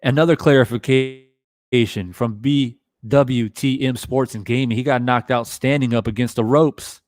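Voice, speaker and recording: Casual, profane boxing stream host. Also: male voice, medium pitch, unhurried. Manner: casual, profane, animated talker. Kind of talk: live stream commentary reading chat.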